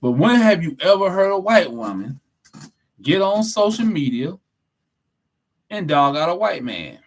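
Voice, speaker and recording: A man's voice: sits high, very animated, a little slow. Blunt, preachy podcast co-host man. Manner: blunt, preachy, profane, emphatic. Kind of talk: casual opinionated podcast talk.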